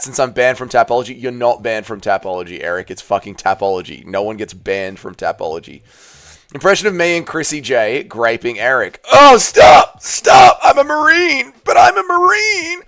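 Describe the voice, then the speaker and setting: A man's voice: medium pitch, animated, fairly quick. A man hosting a livestream, reading viewer comments aloud and reacting casually, with loose, swearing banter. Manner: laid-back, swears freely, reads chat aloud and reacts. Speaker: livestream host.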